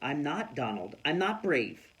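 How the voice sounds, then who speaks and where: A man voicing an excitable little schoolgirl in a storybook reading, shrill and loud when upset. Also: a little slow, heavily acted. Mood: sassy, glum.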